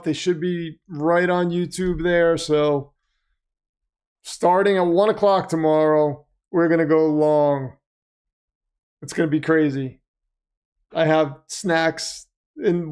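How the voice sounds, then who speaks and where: A man's voice: fairly high pitch, darkish tone, smooth. A middle-aged man hosting a livestream, chatting casually, reading out donations and chat messages and calling game plays. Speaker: livestream host.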